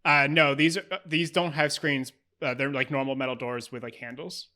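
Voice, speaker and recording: A man's voice: medium pitch, steady tone, moderate pace, pushed and bright. A man narrating as game master of a tabletop game, describing scenes with many fillers.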